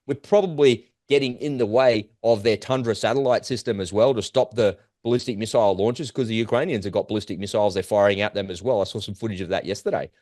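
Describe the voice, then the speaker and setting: A man giving an urgent, animated commentary monologue, firing off rhetorical questions as host of his own show. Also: lowish voice, fast, hardly any pauses, no echo, clean studio sound. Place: at home in Australia.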